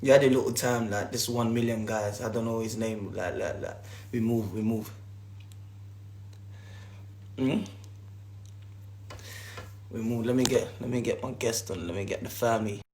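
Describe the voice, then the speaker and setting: A man's voice: fairly low pitch, normal speed, pauses often, darkish tone, a little hiss or hum. Ranting young man, echoey room. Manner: repetitive, slangy, ranting at viewers. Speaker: livestream host. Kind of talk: casual livestream rant.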